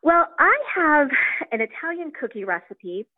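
A friendly woman caller from Ohio who laughs lightly as she asks her question. Her voice is slightly high and comes through a thin, tinny phone line. The sound is dry, with no echo. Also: very animated, normal speed. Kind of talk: call-in question.

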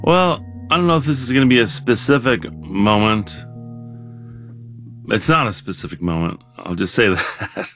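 A man in his sixties, a guest in an interview, talking reflectively with many pauses, fillers and restarts. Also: fairly low pitch, animated, fairly bright tone, faint music behind. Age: 60s.

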